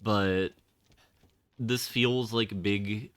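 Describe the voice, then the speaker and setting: A man's voice: fairly low pitch, fairly even intonation, slow, fairly bright tone. A man streaming a game, talking casually with rambling, wry and sarcastic asides and casual swearing. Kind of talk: casual gaming livestream commentary.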